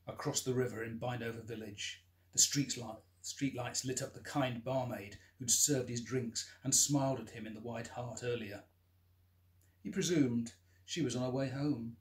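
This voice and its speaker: Man, author reading his book, mid-pitched voice, measured, expressive narration. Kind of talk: audiobook-style scripted narration.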